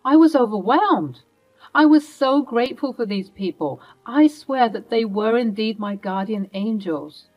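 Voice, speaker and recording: A woman's voice: a little high, animated, unhurried, soft background music, poor audio. A woman narrating a first-person family drama in an earnest, emotional way.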